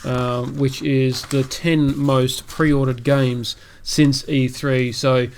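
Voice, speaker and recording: A man's voice: mid-range voice, flat delivery, takes it slowly, a little hiss or hum. Male podcast host, casual and chatty, prone to restarts, mid-range voice. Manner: chatty, rambling with restarts and fillers. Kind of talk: casual gaming podcast chat.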